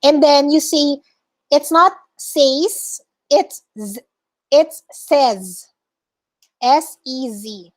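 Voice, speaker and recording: Speaking slowly in a high-pitched voice, a Filipino woman runs an online lesson through a video call. She fixes her students' pronunciation one word at a time and says each corrected form again.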